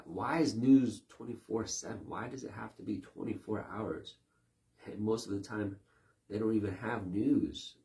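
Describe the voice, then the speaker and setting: A man preaching with a lowish voice, animated and conversational. He drives points home through repetition and playful illustrations from the pulpit. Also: creaky. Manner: animated, mimics voices in quick asides. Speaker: pastor. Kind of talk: sermon.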